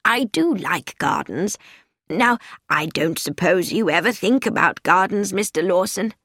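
A woman reading an audiobook, voicing an elderly English spinster who coaxes and gently pries with a soft, raised voice. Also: on the low side, lively intonation, measured pace, no echo, studio quality, full character voice. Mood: gently coaxing. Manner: soft, coaxing, gently prying.

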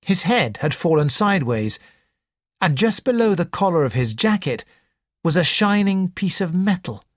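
A man reading a mystery novel aloud in the first person as an audiobook narrator, in a measured, expressive way. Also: sits high, no echo, studio quality.

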